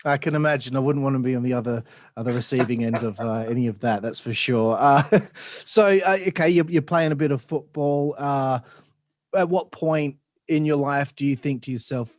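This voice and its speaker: Podcast host, dry close sound. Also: male voice, medium pitch, dry recording. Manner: laughs along, quick follow-up questions. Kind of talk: interview questions.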